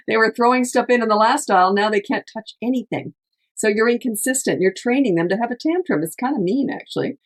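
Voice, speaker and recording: A middle-aged woman, a parenting coach, giving advice in casual chat, emphatic and chatty, often acting out what parents say. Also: mid-range voice. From Canada. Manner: chatty, emphatic, laughs often, acts out quotes. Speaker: parenting coach, podcast host.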